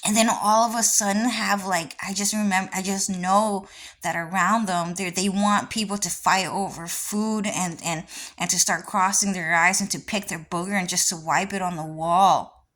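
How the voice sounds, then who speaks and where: A woman's voice: medium pitch, steady tone, normal speed, a bit bright. A woman vlogger talking in a casual, rambling monologue with many restarts and frequent swearing.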